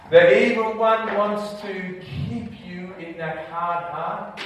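A man, a prison minister giving an earnest, heartfelt spoken testimony with drawn-out emphatic phrases. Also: sits high, a little hiss or hum. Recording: very echoey, voice from far off the mic.

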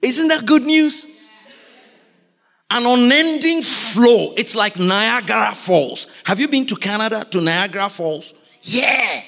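A man preaching a sermon in a lively, animated way, constantly putting questions to his congregation, in a church. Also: sits high, a little slow, vocal fry, few pauses. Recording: reverberant hall.

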